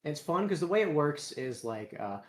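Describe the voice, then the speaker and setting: A man hosting a casual chat, sarcastic and quick to laugh, swearing freely. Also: a little high, sing-song. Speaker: host.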